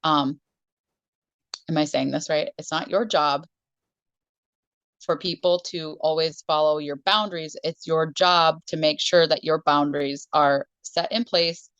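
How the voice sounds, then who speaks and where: A woman who teaches shop, chatting casually on a podcast and rambling through stories with quick laughs. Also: low voice, steady tone, a bit bright, clear, resonant tone, no echo, muffled recording. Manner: rambling storyteller who acts out conversations with laughs.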